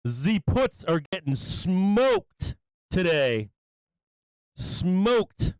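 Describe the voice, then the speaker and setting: A man hosting a live stock market stream, excitable and taunting, repeating his phrases and laughing often. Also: high voice, very slow, clear, resonant tone, no echo. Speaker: stock market livestream host.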